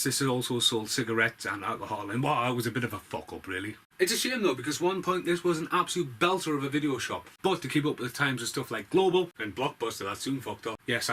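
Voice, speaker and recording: A man's voice: medium pitch, sharp tone. A man telling a story to camera in a sarcastic, sweary monologue full of asides. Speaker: vlogger.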